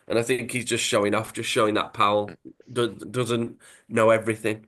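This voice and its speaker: A man's voice: lowish voice, flat delivery, brisk, a bit bright. A British man hosting a podcast, retelling a comic story in a casual, rambling way with asides. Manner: rambling recap with fillers and asides. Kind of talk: casual chat.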